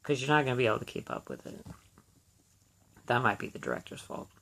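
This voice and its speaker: A man with a gravelly, creaky edge to his voice, sitting at a middling pitch. He hosts a solo movie podcast and talks casually, wandering from thought to thought. His speech is full of ums, uhs and restarts. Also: sing-song, fast, fairly bright tone. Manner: rambling, hesitant, many fillers and restarts. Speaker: podcast host.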